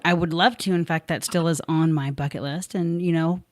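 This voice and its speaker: A woman's voice: deep voice, steady tone, a little fast, dry recording, clean studio sound. A woman hosting a podcast, chatting casually and rambling a little with fillers. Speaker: podcast host. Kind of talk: casual chat.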